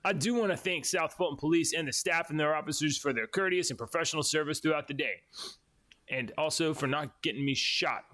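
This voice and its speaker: A man's voice: a little high, brisk, bright, forceful tone. A man co-hosting a casual podcast, reading news stories aloud with laughs and mocking quoted voices. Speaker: podcast co-host.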